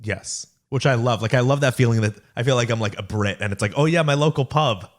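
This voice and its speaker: Talking fast in a mid-range voice, a young man co-hosts a podcast in relaxed conversation. His storytelling wanders and is loaded with filler words.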